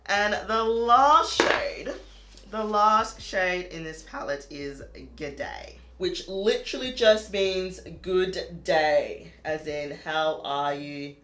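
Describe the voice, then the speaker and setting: A woman's voice: fairly low pitch, slow pace, bright, forceful tone. Chatty Australian woman, roomy echo. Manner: chatty, lots of "like", laughs at herself. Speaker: beauty vlogger. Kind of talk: casual makeup review chat. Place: home room.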